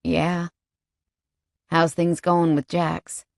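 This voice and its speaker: A woman voicing a cocky, flirtatious male biker who teases with a slow drawl. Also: fairly low pitch, completely flat delivery, creaky, darkish tone, dry recording, studio quality, full character voice. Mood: teasing. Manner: teasing drawl, calls her sugar.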